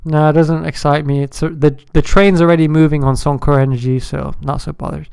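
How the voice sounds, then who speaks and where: Animated, joking male livestream host, slightly high voice, dry close mic. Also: brisk, creaky, hardly any pauses, clear, resonant tone, no room sound. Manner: animated, joking, chatty with viewers. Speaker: day-trading livestream host. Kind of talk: casual live-stream commentary.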